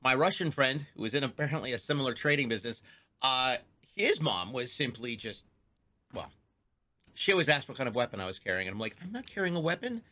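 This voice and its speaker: A man's voice: mid-range voice, animated, fairly quick, pushed and bright. A man co-hosting a podcast in casual chat, telling rambling stories. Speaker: podcast co-host.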